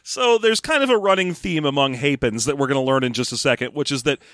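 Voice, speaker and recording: A man co-hosting a podcast, recapping a book with joking, animated storytelling. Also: mid-range voice, fast, no room sound, clean studio sound. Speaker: podcast co-host. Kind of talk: casual comedic book recap.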